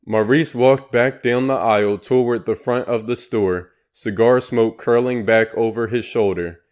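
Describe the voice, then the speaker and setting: A man's voice: mid-range voice, fairly even intonation, a little slow, few pauses, a little mellow. A man narrating an audiobook in a dry, matter-of-fact manner. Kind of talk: scripted narration.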